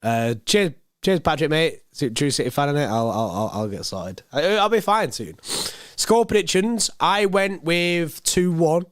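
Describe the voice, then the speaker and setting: On a football live stream, a young man with a hoarse, fading voice reads out chat messages and rambles, repeating himself in a relaxed, unhurried way. His fairly high voice is animated, and the recording is dry and close-miked.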